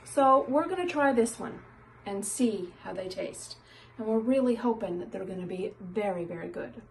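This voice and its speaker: A woman's voice: mid-range voice, animated, moderate pace, gravelly, darkish tone, a little hiss or hum. An older woman chatting enthusiastically as she bakes and tastes cookies in a casual vlog. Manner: chatty and enthusiastic, tasting food on camera. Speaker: baking vlogger.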